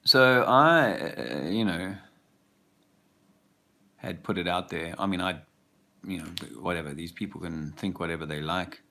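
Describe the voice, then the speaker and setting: Brief: low, gravelly male vlogger, rambling and hesitant, walking outside. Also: measured pace, pauses often, sharp tone. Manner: rambling, hesitant, full of fillers. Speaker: father, vlogger. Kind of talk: reflective walking vlog. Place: outdoors, walking a park path.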